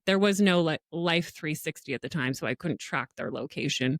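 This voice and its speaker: A woman's voice: deep voice, normal speed, no room sound, studio quality. A middle-aged woman co-hosting a podcast, telling stories animatedly in a casual chat and laughing often. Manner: animated storytelling with frequent laughs. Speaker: podcast co-host.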